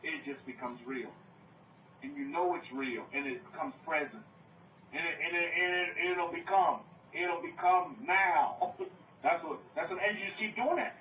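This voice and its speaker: A man giving informal congregational teaching, animated, repeating phrases and asking his listeners questions. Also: fairly high pitch, measured pace, a little hiss or hum. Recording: roomy, distant, dull.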